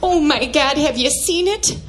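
A prudish middle-aged mother, played by a woman comedian, full of folksy sayings and flustered outrage. Her voice sits high and she speaks slowly, giving a character monologue on stage. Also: lively intonation, slight background noise. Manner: prudish, folksy, escalating into manic shouting.

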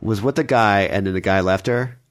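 A man's voice: fairly low pitch, fairly quick, heavy background noise. A man hosting a casual chat, asking joking questions. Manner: joking, playful interviewer. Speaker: host.

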